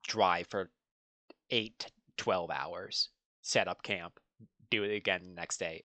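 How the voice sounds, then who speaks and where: A game master narrating a tabletop game, asking halting, filler-heavy questions. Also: low voice, fairly even intonation, sharp tone, dry recording.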